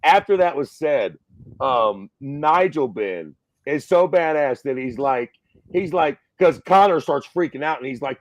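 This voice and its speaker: A man's voice: on the high side, animated, measured pace, no room sound, low-quality recording. Profane, ranting man on a dry mic. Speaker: podcast host. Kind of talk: casual chat.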